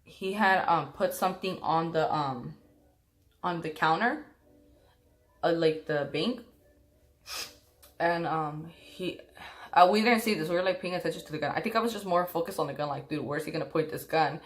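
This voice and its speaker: A woman's voice: fairly low pitch, moderate pace, pauses often. A young woman casually telling a personal story to her viewers, rambling with lots of fillers and restarts.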